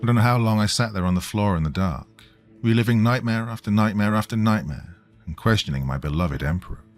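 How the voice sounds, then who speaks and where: Man, very deep voice, slow grave horror narration, faint music underneath. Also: expressive.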